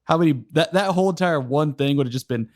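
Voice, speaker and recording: A young man in his twenties co-hosting a casual podcast, animated, often laughing and swearing. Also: a little high, fast, no echo, studio quality. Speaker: podcast co-host and editor. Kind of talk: casual chat.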